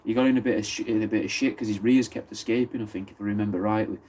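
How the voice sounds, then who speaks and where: A man's voice: on the low side, steady tone, rapid-fire, a little mellow. Chatty swearing Mancunian man. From Wythenshawe, Manchester. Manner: chatty, swearing, replies to viewer comments. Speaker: livestream host. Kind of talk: casual live-stream chat.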